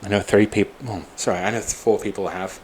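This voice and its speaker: A man in his forties with a somewhat low voice delivers a raw personal monologue to camera. He sounds upset and worn out, bitter and angry, swearing often. Faint noise sits behind him. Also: fairly even intonation, brisk. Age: 40s. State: upset and exhausted. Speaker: vlogger.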